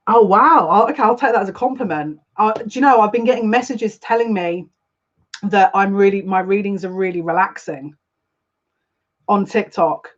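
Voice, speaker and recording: A woman chats her way through a live psychic card reading, rambling from thought to thought and wearing her feelings openly. Her voice sits at a middling pitch for a woman. The stream audio is a little dull and lo-fi. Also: normal speed. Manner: chatty, rambling, openly emotional. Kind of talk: live collective tarot reading.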